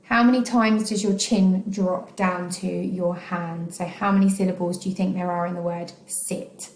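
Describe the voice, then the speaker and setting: A woman's voice: fairly low pitch, steady tone, moderate pace, a little mellow. Encouraging English woman teaching in an echoey room. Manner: patient, encouraging, many ums and okays. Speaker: primary school teacher. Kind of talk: recorded online phonics lesson.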